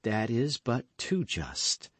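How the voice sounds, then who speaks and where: Reading an audiobook, a man voices a cold, scheming noblewoman who coaxes and commands in a soft, measured, sing-song way. His voice is mid-range, and there's no echo.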